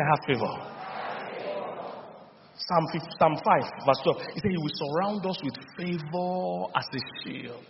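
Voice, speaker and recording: Nigerian-accented pastor preaching in a reverberant hall. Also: male voice, on the high side, a little hiss or hum. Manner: lively storytelling with laughs and call-and-response. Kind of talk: sermon. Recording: dull lo-fi sound with long hall reverb.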